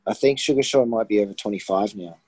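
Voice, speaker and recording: A man's voice: fairly low pitch, quick pace, a little mellow, breathy edge, no room sound, rough recording. An Australian man co-hosting a podcast, laid back and full of "you know", on a patchy remote call. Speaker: podcast co-host. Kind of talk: casual chat. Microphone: remote call, patchy line.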